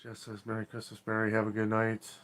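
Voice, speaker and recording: A man's voice: fairly low pitch, completely flat delivery, brisk, fairly bright tone. A man hosting a casual live stream, chatting in a rambling way and reading viewer comments aloud. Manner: rambling, chatty, apologetic, laughs often.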